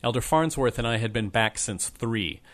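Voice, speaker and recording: Casting note: young man reading a first-person memoir, wry, measured, mid-pitched. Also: animated, a bit bright. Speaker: audiobook narrator.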